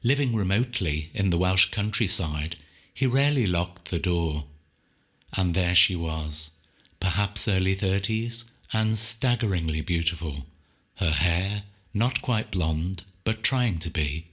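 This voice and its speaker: Casting: deep, husky-voiced man narrating a story in a measured, reflective way. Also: animated, a bit bright. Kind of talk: scripted short-story narration.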